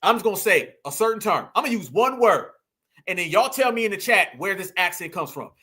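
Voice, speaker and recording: Animated and brisk, a man with a high, bright voice hosts a live reaction stream. He talks right to his chat, using loose slang with plenty of emphasis, and questions the clips he plays with pointed rhetorical jabs.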